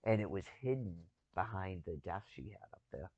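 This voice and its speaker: A man's voice: sits low, expressive, moderate pace, darkish tone, breathy edge, dry recording, lo-fi sound. A man in casual chat, rambling and chuckling as he talks, with loose, profane phrasing.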